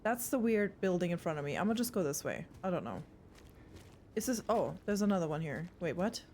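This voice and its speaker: A young woman streams a horror game, chatting casually with viewers and swearing a lot. Her lowish, darkish voice has lively intonation and a fairly quick pace, with a little hiss or hum in the background.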